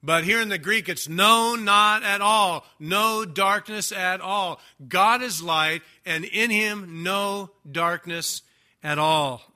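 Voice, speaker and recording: An older man preaching a sermon, stressing key words slowly and swinging between loud declarations and quiet asides. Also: high voice. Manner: emphatic preaching, stretching key words, rising and dropping loudness. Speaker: pastor.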